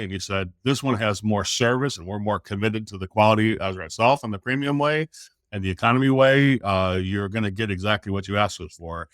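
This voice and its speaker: On a podcast, a middle-aged male guest tells a story casually and animatedly, acting out the quotes within it. His voice sits on the low side. The audio is clean studio quality with no room sound.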